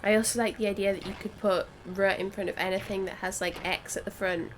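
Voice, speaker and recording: A woman's voice: medium pitch, fairly even intonation, quick pace, slight background noise. A woman co-hosting a game stream, chatting casually in a rambling way with lots of fillers. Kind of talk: casual chat over a game.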